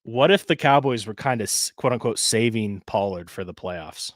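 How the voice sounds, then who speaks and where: Male co-host, casual sports-betting chat, relaxed, halting delivery, dry mic. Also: fairly low pitch, no room sound. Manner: relaxed, hesitant, thinks aloud with restarts.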